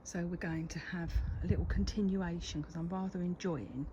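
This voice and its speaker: An older woman chats her way around her home garden, her voice rising and falling in a lively, sing-song way. She keeps slipping into a half-whisper between bright remarks, like she is letting you in on a secret. There is a faint outdoor hush behind her. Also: mid-range voice, normal speed, hardly any pauses, a little hiss or hum. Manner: chatty, often drops to a whisper, coos at her cat. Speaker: gardening vlogger. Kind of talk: casual walk-and-talk garden tour.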